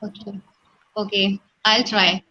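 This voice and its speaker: A woman's voice: mid-range voice, level tone, takes it slowly, pushed and bright, dull audio. A woman student trying out accent drills, hesitantly repeating the phrases. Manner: hesitant, careful repetition.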